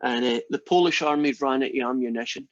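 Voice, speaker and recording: A man's voice: mid-range voice, quick pace, muffled recording. A man, a math lecturer, telling jokes to his class in a chatty, playful way. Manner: chatty, playful, addresses students by name. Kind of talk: casual classroom joke-telling.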